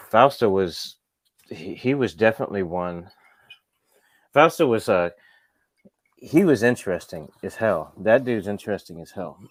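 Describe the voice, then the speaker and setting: A man with a lowish voice telling stories in an easygoing, rambling way as an interview guest, filling the gaps with "like" and "you know." The sound is close and dry, with no room around it. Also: darkish tone, no room sound. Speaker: skateshop owner, interview guest. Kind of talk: casual storytelling in a sit-down interview.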